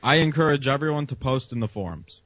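A man's voice: mid-range voice, expressive, quick pace, a bit bright, no room sound, dull audio. Male host, casual banter, blunt and sarcastic, dry close sound. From United States. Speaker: show host. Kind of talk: casual interview chat.

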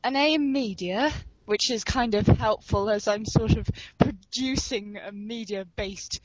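A woman's voice: medium pitch, unhurried, no room sound. A teenage woman phoning in to a radio show over an online voice call, answering dryly and without hurry. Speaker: caller. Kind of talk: casual call-in chat. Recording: muffled dry internet call.

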